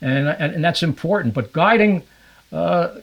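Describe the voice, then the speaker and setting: A man's voice: on the high side, unhurried, vocal fry, muffled recording. An older man from New Jersey, a podcast guest and fishing guide, telling stories in a casual interview and acting out other people's voices. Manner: animated, acts out the voices of others in his anecdotes.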